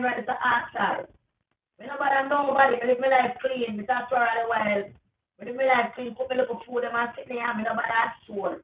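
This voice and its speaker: A woman's voice: on the high side, fairly even intonation, fairly quick, echoey room, far from the mic, phone-quality sound, slight background noise. A woman with a Jamaican accent talking to her viewers in a rambling, repetitive monologue, leaning hard on "man" as she goes. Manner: rambling, repetitive, emphatic, calls everyone "man". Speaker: vlogger. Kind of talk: casual rambling monologue to camera.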